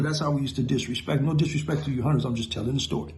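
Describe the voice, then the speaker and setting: Animated man spinning street stories, echoey room. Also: mid-range voice, rapid-fire, slight background noise. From Compton, California. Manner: animated, acts out quotes and sound effects. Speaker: host telling stories. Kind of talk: casual storytelling.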